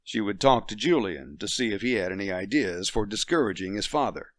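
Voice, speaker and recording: Man, audiobook narration, lowish voice, lively intonation, dry close sound. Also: brisk, no room sound. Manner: steady, expressive reading. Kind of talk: scripted narration.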